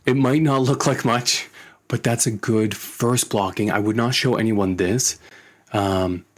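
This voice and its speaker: A man teaching animation in a screen-recorded tutorial, relaxed and thinking aloud as he works. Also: fairly low pitch, a little slow, a little hiss or hum. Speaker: animation instructor.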